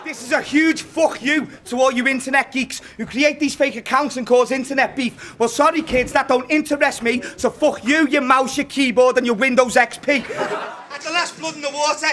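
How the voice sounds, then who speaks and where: A young man with a Scouse accent performing at a live rap battle, delivering loud, brash, mocking insults. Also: very high-pitched, steady tone, moderate pace. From Liverpool, England. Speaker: battle rapper. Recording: noisy live event recording.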